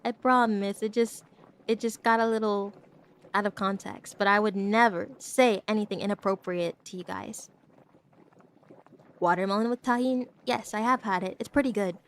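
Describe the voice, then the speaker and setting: A young woman chatting casually on a live stream, giggling often and tripping over her words as she rambles to her viewers. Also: medium pitch. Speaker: VTuber streamer.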